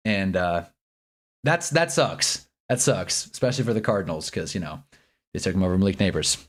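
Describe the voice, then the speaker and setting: A man hosting a live reaction stream, talking in an excitable, rambling way and laughing often. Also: low voice, normal speed.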